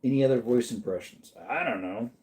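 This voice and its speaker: A man's voice: medium pitch, a little fast, darkish tone. A tired middle-aged man from Arizona, hosting a casual livestream and answering chat in a drawling, easygoing way. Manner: drawling and tired, slips into joke voices. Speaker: livestream host reading chat.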